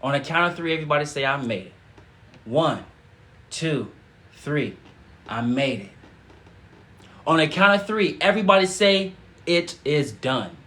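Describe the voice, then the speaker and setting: Man, spiritual guide, livestream affirmations, high voice, crisp bright tone, repeats phrases, call-and-response. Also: animated, moderate pace, pauses often. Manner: casual slangy speech.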